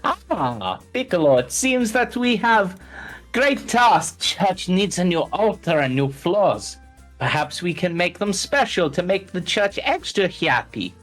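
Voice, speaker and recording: A man's voice: high-pitched, very animated, measured pace, fairly bright tone, soft background music, exaggerated voice. Man doing a creepy cheerful toymaker. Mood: pleased. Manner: sing-song salesman patter, foreign-sounding broken phrasing. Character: eerie cheerful male toymaker shopkeeper.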